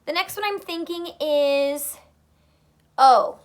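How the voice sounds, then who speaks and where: A woman teacher giving a phonics lesson to young children, speaking slowly and clearly in a sing-song, playful way. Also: high voice.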